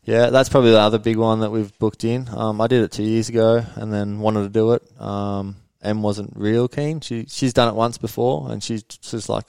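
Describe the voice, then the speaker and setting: Low, smooth-voiced racer. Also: male voice, normal speed, hardly any pauses, no echo. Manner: relaxed, rambling, laughs while telling race stories. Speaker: guest motocross racer. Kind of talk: casual interview storytelling.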